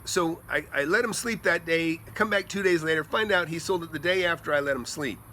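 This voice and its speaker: A middle-aged man telling rambling, animated stories as a real estate investor, chatting casually outdoors by a pool at night. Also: fairly high pitch, a little fast, a little hiss or hum. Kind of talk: casual storytelling vlog.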